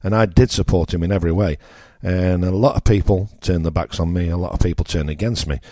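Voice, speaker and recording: A man's voice: sits low, quick pace, warm tone, dry recording, studio quality. A man from northern England with a northern English accent, hosting a radio show and delivering a blunt, opinionated political rant with emphatic repetition.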